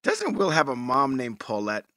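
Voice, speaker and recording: A man co-hosting a podcast in casual chat, loud and animated. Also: medium pitch, normal speed, no room sound, clean studio sound. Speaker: podcast co-host.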